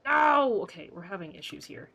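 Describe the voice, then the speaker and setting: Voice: medium pitch, normal speed, bright, forceful tone, poor audio. A streamer chatting casually on a live game stream, telling a rambling story full of fillers with a playfully sarcastic edge. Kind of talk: casual livestream chat.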